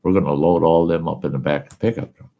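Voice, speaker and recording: A man telling a folksy story in casual, animated style as a show host. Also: extremely low pitch, fast talker, phone-quality sound. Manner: folksy, animated yarn-spinning.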